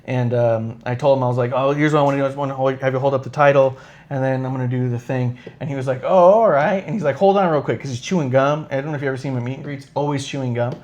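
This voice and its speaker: A man's voice: mid-range voice, steady tone, racing, darkish tone, lo-fi sound. A man hosting a live podcast in casual chat, rambling through an anecdote with lots of swearing and acting out the quoted lines. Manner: acts out quoted dialogue with shifting voices. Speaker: podcast host.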